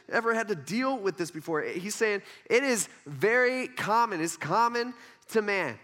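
A man's voice: high voice, expressive, moderate pace, fairly bright tone. A man preaching a sermon in a casual, conversational way, acting out the people in his story. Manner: conversational, playful, acts out dialogue in voices.

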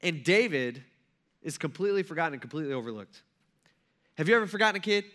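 A man's voice: fairly high pitch, animated, fast, a bit bright. A man in his thirties preaching a casual, conversational sermon, acting out Bible characters with humorous asides. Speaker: pastor.

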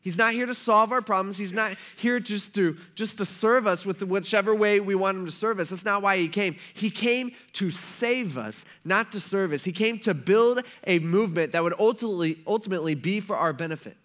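A man preaching a sermon as a pastor, speaking in a relaxed, slangy way and acting out the characters of the story in everyday talk. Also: high voice, fairly quick, hardly any pauses. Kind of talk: casual conversational sermon.

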